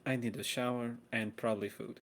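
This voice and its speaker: A man voicing a tired crew member in a tabletop game who speaks in a dry, deadpan way. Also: mid-range voice, a little fast, voice pushed down, lightly acted. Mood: matter-of-fact.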